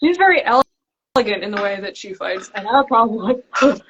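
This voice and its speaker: A young woman chatting in a relaxed way about her writing, laughing often between thoughts. Her voice sits at an ordinary middle pitch. The livestream audio is muffled and lo-fi. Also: brisk, slight background noise. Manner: giggly, chatty. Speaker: author. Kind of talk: casual live chat. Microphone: video call.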